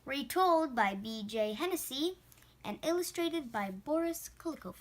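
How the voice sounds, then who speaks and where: A woman reading a children's picture book aloud, slow, clear and expressive. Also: high-pitched. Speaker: storyteller.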